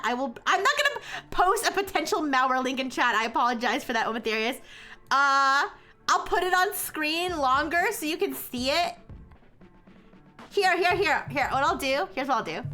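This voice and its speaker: A woman's voice: high voice, expressive, moderate pace, pushed and bright, soft background music. A woman hosting a live stream, chatting casually and rambling, often cutting herself off and laughing. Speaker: livestream host.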